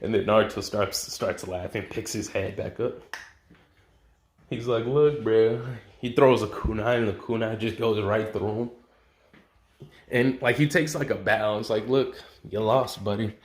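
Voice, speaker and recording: A man's voice: on the low side, moderate pace, pauses often. A man hosting his channel, casually telling a fan what-if story in loose, slangy talk full of fillers and swearing. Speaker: channel host. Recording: roomy echo.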